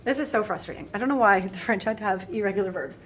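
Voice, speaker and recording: A woman's voice: medium pitch, rapid-fire, a bit bright, slight background noise. A woman giving a casual French grammar lesson, chatty and full of fillers, with playful exasperated asides. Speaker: French teacher. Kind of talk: casual screen-recorded lesson.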